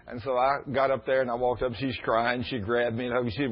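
A middle-aged man, preaching a storytelling sermon in a folksy, animated way. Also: mid-range voice, a little fast, slightly rough. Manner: folksy, animated, laughs at his own stories. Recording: dull lo-fi recording.

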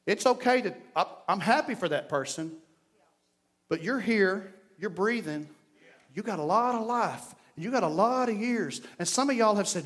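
Preacher guy, really high voice, goes from hollering at the church to almost whispering prayers. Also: lively intonation, normal speed. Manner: passionate preaching, swinging between loud calls and hushed prayer. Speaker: pastor. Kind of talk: sermon. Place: church sanctuary. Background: congregation.

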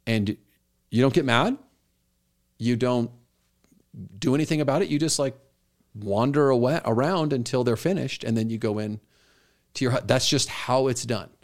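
A man's voice: medium pitch, normal speed, pauses often. A middle-aged man, a pastor co-hosting a podcast, talking earnestly and telling stories with quoted dialogue. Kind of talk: conversational podcast talk.

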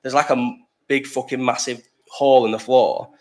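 A man's voice: mid-range voice, fairly even intonation, moderate pace, darkish tone. A young man hosting a live chat, rambling through a festival story, swearing freely and breaking off to answer the chat. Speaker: livestream host.

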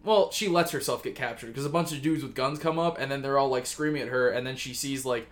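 He speaks fast at a medium pitch, a podcast co-host pitching a story he retells casually. The telling rambles, heavy on fillers and curse words.

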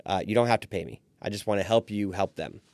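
A man's voice: fairly low pitch, quick pace, no echo. A man in his forties, a restaurant owner, telling his story as a podcast guest and acting out the voices of the people he quotes. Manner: animated storyteller who acts out quoted voices. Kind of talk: storytelling in a casual interview.

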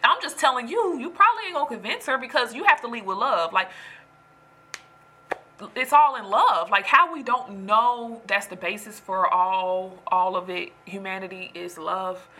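Woman, casual vent to camera, breathy and bright, emphatic delivery. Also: medium pitch, normal speed. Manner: animated, emphatic, preachy. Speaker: storyteller venting to viewers. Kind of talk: casual chat.

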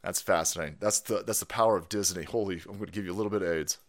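Racing along in a deep voice, a man rants profanely about politics on his livestream. He's foul-mouthed and mocking, swearing all the time.

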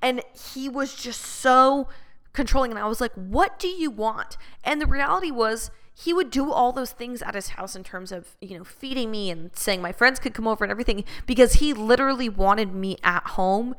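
A woman hosting a podcast talks straight to her audience, blunt and unfiltered, swearing freely. Her voice is bright and forceful, with a smooth, clear tone that carries through the rants. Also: on the high side, brisk. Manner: blunt, profane, ranting. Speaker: podcast host. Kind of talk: candid storytelling to listeners.

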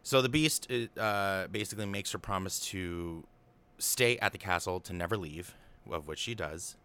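Low-pitched man rambling through a film recap. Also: moderate pace, sharp tone, clear, resonant tone. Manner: rambling, filler-heavy, paraphrases characters in offhand voices. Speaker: film commentator. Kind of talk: casual film recap and analysis.

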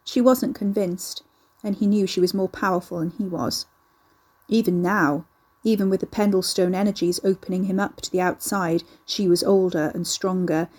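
Brief: woman audiobook narrator, warm, mellow tone, slightly husky, measured delivery. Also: on the low side.

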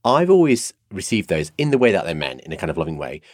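Deep-voiced chatty podcast host. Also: male voice, big pitch swings, fast, dry recording, studio quality. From Bradford, England. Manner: chatty, jokey and teasing. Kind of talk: casual chat.

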